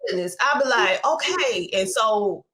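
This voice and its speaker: A middle-aged woman with a heavy Southern accent, a podcast guest telling her story in a candid, animated conversational way. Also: medium pitch, unhurried, slight background noise. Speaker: podcast guest, media entrepreneur.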